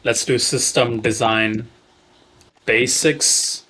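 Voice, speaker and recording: A young man from Tamil Nadu chatting on a live coding stream. He speaks slowly and grumbles to himself, swearing often. His talk is loose and casual. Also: medium pitch, steady tone, sharp tone, poor audio. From Tamil Nadu, India. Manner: frustrated muttering, heavy swearing. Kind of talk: casual livestream chat while coding.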